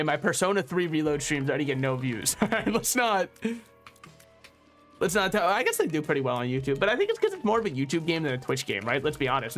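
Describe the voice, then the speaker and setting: A young man streaming a game, chatting casually and ranting animatedly with quick asides and frequent laughs. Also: a little high, a bit bright. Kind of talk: casual gaming stream chat.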